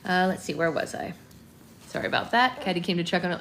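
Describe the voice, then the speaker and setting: A woman hosting a live book club from home, reading a novel aloud in a gentle, unhurried voice and breaking into soft singsong baby talk to her infant. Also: lowish voice, big pitch swings, a little hiss or hum. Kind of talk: live read-aloud with casual asides.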